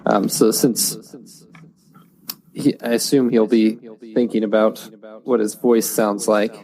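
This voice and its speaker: A man playing a tabletop game, speaking in a dry, halting way. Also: on the low side, steady tone, gravelly, a little mellow, poor audio. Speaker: player. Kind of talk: casual tabletop game chat.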